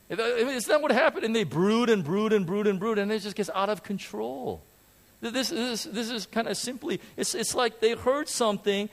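A man preaching a sermon in a church to a congregation, animated and self-deprecating, joking and repeating phrases for emphasis. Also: sits high, moderate pace. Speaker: pastor.

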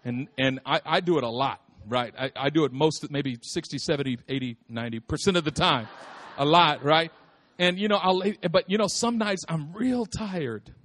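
A man preaching a lively, humorous sermon, repeating phrases for emphasis and calling out to his listeners. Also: fairly high pitch, normal speed. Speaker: pastor.

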